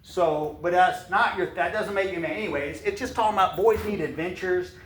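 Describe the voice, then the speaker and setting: A man talks in a slightly higher register. He is blunt, folksy and quick to get fired up, and he moves between reading passages aloud and ranting off the cuff. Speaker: podcast host reading a book aloud. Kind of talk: casual commentary mixed with reading aloud.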